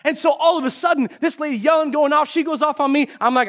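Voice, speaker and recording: Middle-aged pastor, man with a very high voice, playful and animated, good for a sermon opener. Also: fast, hardly any pauses. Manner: animated, joking storyteller.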